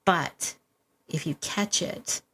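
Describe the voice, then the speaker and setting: A woman's voice: lowish voice, slow, gravelly, husky. A middle-aged woman hosting a dog-training podcast, coaching listeners in a casual, encouraging way with frequent laughs and repetition. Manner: warm, encouraging, laughs often, repeats herself.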